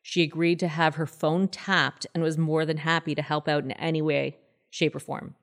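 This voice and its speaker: Female podcast host, thirties, low voice, chatty and animated true-crime teller. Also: normal speed. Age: 30s. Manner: chatty, animated, acts out quoted people in a higher voice. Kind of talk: casual true-crime storytelling.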